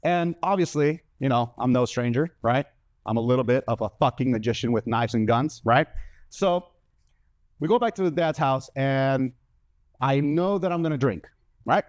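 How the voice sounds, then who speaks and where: A man's voice: medium pitch, moderate pace, darkish tone, no echo. A man doing stand-up comedy, telling a story in a brash manner and acting out the lines of other people in put-on voices.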